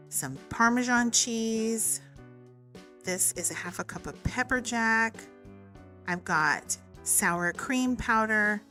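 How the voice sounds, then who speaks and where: A woman's voice: lowish voice, fairly bright tone. A woman, hosting a recipe tutorial in a friendly, upbeat instructional manner. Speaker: cooking channel host. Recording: faint music behind.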